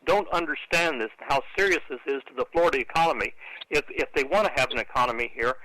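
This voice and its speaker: A man's voice: mid-range voice, fast talker, pushed and bright, low-quality recording. A man hosting a radio interview, eagerly prompting his guest with stumbling restarts. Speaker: radio host.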